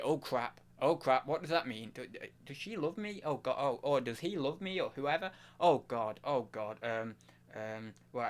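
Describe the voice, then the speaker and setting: A man's voice: on the high side, big pitch swings, moderate pace, fairly bright tone. Guy streaming, rambles and jokes at himself, bouncy voice that swings up and down. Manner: rambling, self-mocking, talks to chat. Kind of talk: casual live-stream chat.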